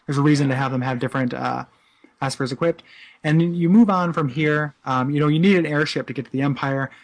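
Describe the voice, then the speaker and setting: A man in his thirties co-hosting a casual chat, rambling with many "like"s and "you know"s and laughing easily. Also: on the high side. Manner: amused, quick to laugh. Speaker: podcast co-host. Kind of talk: casual chat about a video game.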